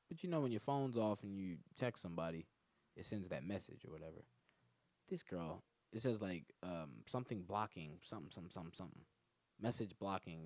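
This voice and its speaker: A man hosting his own comedy podcast alone, rambling through profane, animated stories. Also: a little fast, no room sound. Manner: profane, animated storytelling that jumps in pitch. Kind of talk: rambling solo comedy monologue.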